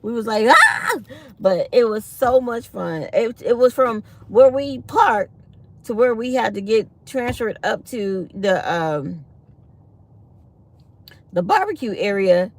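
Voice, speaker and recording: High-leaning and darkish in tone, her voice is animated yet slow. She's a livestream host spinning casual stories, chatting with y'all and acting out people's quotes for her viewers.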